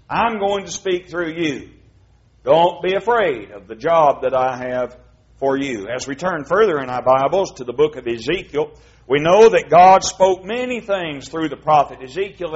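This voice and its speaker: Male preacher, evening study sermon, a bit higher pitched, muffled low-fidelity recording. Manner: reads scripture aloud in a rising, emphatic voice. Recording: dull lo-fi sound.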